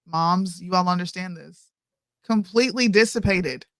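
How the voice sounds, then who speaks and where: A woman's voice: fairly low pitch, normal speed, a bit bright, no echo, studio quality. A woman in her thirties co-hosting a casual chat show, talking emphatically and calling people "bro". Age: 30s. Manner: emphatic, says "bro" a lot. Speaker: podcast co-host.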